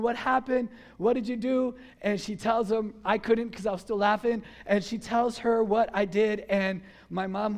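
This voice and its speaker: Man, middle-aged, pastor, sermon, high-pitched, conversational, animated storytelling. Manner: animated, acts out his own and others' voices in the story; conversational, frequent fillers like "you know" and "like".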